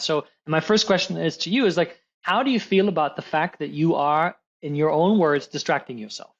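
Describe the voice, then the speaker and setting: Man, coach, animated, plays out voices, dull lo-fi audio. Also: a little high, moderate pace, hardly any pauses. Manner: animated, acts out voices of others in examples. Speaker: high-performance coach, podcast guest. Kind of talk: coaching conversation.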